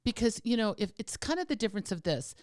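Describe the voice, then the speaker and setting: A woman co-hosting a podcast in casual chat, lively, explaining things step by step with many tag questions. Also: fairly high pitch, quick pace, dry recording, studio quality. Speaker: podcast co-host.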